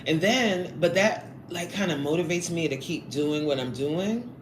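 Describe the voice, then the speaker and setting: A woman's voice: lowish voice, expressive, moderate pace. Woman, 40s, live-streamer; playful, chatty, talks while eating; roomy echo, faint hiss. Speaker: livestreamer reading chat. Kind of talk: casual live-stream chat.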